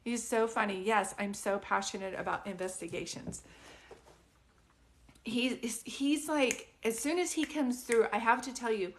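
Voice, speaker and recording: A woman's voice: a little high, measured pace, slight background noise. A woman giving a casual live psychic reading from home. She talks in a chatty, rambling way full of fillers and restarts. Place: at home with a dog nearby.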